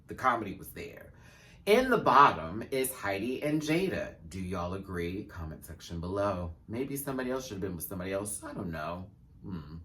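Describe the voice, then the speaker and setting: Man, low voice, sassy drag-slang rant, faint background noise. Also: a bit bright. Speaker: YouTube reviewer. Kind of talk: casual show review rant.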